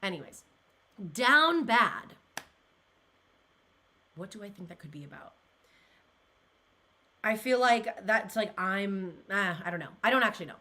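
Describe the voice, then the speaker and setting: Woman gushing, lively-voiced young vlogger. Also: mid-range voice, a little slow, long pauses. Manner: gushing, rambling, many "like"s, emotional. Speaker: pop culture vlogger. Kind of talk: casual chat, reacting to comments.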